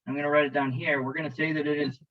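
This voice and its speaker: Jokey EMT instructor narrating slides. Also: male voice, a little high, level tone, very fast, highs cut off, slight background noise. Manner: jokey, conversational, talks to students directly.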